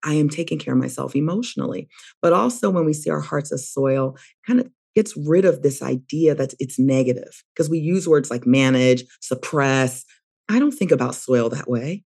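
A woman's voice: low-pitched, expressive, normal speed, vocal fry, darkish tone. A middle-aged woman therapist, a guest on a podcast interview, talking in a reflective, emphatic way.

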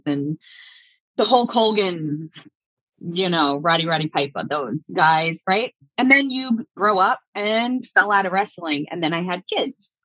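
A middle-aged woman talks easily about her past in a bright, forceful voice. The recording is dry and a little muffled. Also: on the low side, no echo. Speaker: podcast guest. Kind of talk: casual conversation. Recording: slightly muffled dry mic.

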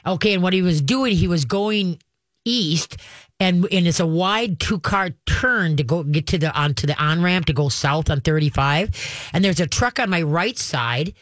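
A woman hosting a call-in pet radio show, telling stories and giving dog training advice in an animated, chatty way. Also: on the low side, moderate pace, dry recording. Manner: animated, chatty storytelling with acted-out voices.

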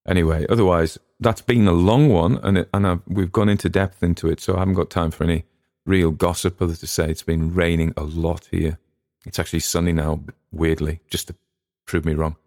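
A man's voice: low voice, gravelly, a little mellow, no echo, studio quality. An English man hosting a podcast, chatting casually in a rambling, digressive way with frequent restarts. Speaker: podcast host and reader.

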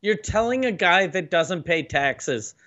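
A man's voice: high voice, animated, a bit bright, muffled recording. A man co-hosting a casual comedy podcast, joking crudely and chiming in with agreement. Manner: profane, joking, quick agreement. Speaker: podcast co-host.

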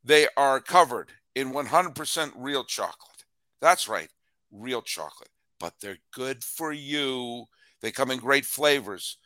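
A man's voice: mid-range voice, animated, unhurried, bright, forceful tone, no echo. A man co-hosting a sports talk show, chatting casually and hamming up a sponsor read. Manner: jokey, hammy ad delivery. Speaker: podcast co-host.

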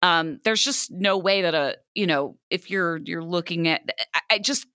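A woman co-hosting a podcast in casual chat, emphatic and quick to laugh. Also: lowish voice, sharp tone, clear, resonant tone, dry recording, clean studio sound. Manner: chatty, laughs often, emphatic. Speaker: podcast co-host.

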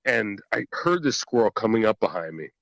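A man telling a hunting story in a casual podcast chat, animated and swearing freely, often laughing. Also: lowish voice, moderate pace, gravelly, dry recording, low-quality recording. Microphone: podcast microphone.

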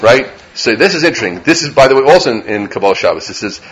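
A middle-aged rabbi teaches a room full of listeners in a loose, chatty way. His pitch sits in the middle for a man. He checks in with the audience again and again and drops Hebrew and Yiddish terms into his talk. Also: sing-song, quick pace. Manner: conversational, checks in with listeners by asking "right?". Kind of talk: informal Torah lecture. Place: lecture room with a live audience.

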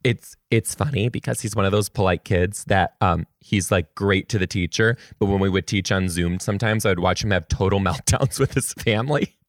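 Excitable, chatty man, kindergarten teacher. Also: low voice, brisk, dry recording, clean studio sound. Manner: animated, gushing, excitable; chatty with frequent "like" fillers. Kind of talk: casual storytelling to viewers.

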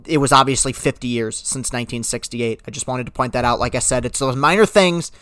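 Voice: medium pitch, brisk, a bit bright, dry recording. A sports podcast host talking alone, moving from self-deprecating asides into impassioned, indignant ranting about baseball news. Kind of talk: solo sports podcast rant.

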